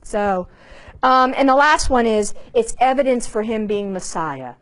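Informal woman Bible teacher, bright and high-pitched, swinging her pitch a lot as she chats to a group. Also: measured pace. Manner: animated, conversational, many restarts and acted asides.

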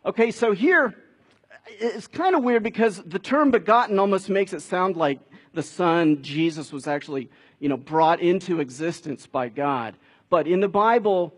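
A man's voice: high voice, slightly rough. A man preaching a sermon in a conversational way, building to emphatic peaks. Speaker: pastor.

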